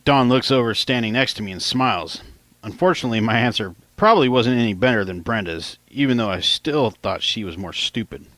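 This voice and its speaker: A man's voice: medium pitch, expressive, fairly quick, a bit bright, no room sound. A man narrating his own novel as an audiobook in a plain, casual storytelling manner. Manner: plain, casual storytelling, quotes lines in lightly raised voices.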